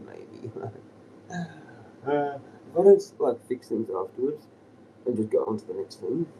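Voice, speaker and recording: Outdoors on a live stream, a man rambles casually, chuckling loosely and frequently sinking into a whisper. His mid-range voice has a dark tone and lively intonation, and he takes his time. The mic is distant, picking up clear outdoor noise.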